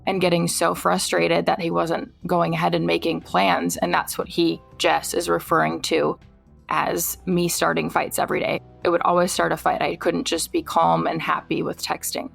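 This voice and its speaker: A woman from Iowa, a nurse, steadily recounting her own story and flatly reading out text messages. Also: lowish voice, normal speed, gravelly, soft background music. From Iowa, USA. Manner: steady, reads his texts aloud flatly. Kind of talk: personal true-crime testimony.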